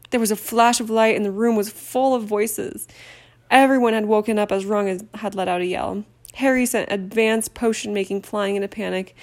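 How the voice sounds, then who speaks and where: A woman narrating an amateur audiobook reading at a steady pace, with occasional stumbles over words. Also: medium pitch, gravelly. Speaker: audiobook reader.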